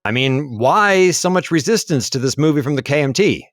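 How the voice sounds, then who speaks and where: A man co-hosting a history podcast, talking in a relaxed, musing way with frequent fillers. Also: on the high side, moderate pace, no echo, clean studio sound. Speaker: podcast co-host. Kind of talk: casual history podcast chat. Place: lives in Taiwan.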